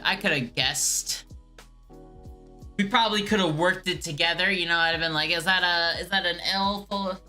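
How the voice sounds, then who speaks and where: A woman's voice: on the low side, bright, forceful tone. A woman streamer chatting casually on a live stream, exasperated and repeating herself with laughs. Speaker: streamer calling scammers.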